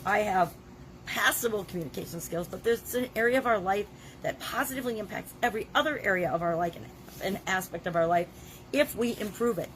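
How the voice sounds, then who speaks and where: A woman's voice: medium pitch, expressive, a little fast, a bit bright. A woman in her sixties with a cold and a scratchy throat, talking in a daily video journal in an emphatic, plain-spoken way, coughing now and then. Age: 60s. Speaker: vlogger.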